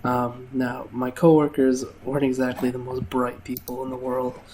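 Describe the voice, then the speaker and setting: A man's voice: medium pitch, monotone, normal speed, background noise. A young man hosting a gameplay video, casually telling funny stories from his waiter days, with lots of fillers and laughs. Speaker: gaming channel host telling work stories. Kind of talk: casual storytelling over gameplay.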